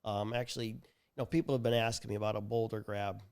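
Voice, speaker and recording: A man's voice: on the low side, little pitch movement, fast, darkish tone, smooth. A man talking about his company's tools on a podcast, telling customer stories with enthusiasm. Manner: enthusiastic salesman storytelling. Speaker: tool company representative. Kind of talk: casual podcast chat.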